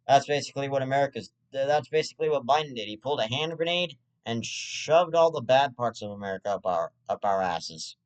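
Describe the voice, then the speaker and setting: A man in the middle of a rambling, foul-mouthed comedic rant as the host of his own web show. He stumbles and restarts often, and his voice sits at a middle pitch. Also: animated, fairly quick, few pauses, smooth. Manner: profane, rambling, with frequent restarts.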